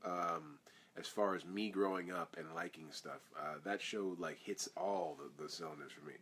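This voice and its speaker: A man's voice: sits low, fairly even intonation, normal speed, a bit bright, slightly rough. A man, an actor, answering fan questions in a casual live Q&A, reading each question aloud and rambling through his answers.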